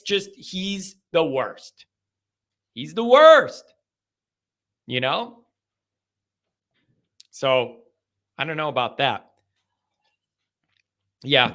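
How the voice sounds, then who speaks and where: A man's voice: on the high side, bright, forceful tone. A man hosting a live call-in sports talk show, talking bluntly and ranting heatedly. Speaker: show host.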